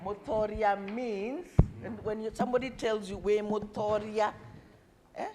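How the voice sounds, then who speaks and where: There's background noise as a woman with a mid-range voice and measured pace hosts a lively summit session in a conference room. Animated, she prompts the audience to repeat words and counts how many are present.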